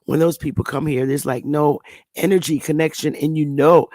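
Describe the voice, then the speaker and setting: A woman's voice: sits low, fairly even intonation, moderate pace, a little mellow, no echo. Woman telling a story in a dry close voice. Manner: rambling, repeats and restarts words. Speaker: channel host. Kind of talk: casual storytelling monologue.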